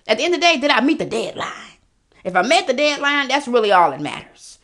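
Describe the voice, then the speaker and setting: Woman podcast host, middle-aged, aave, hypes you up loud and blunt, voice sits kinda high. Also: fast talker. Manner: animated, profane, repetitive pep talk. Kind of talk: motivational talk.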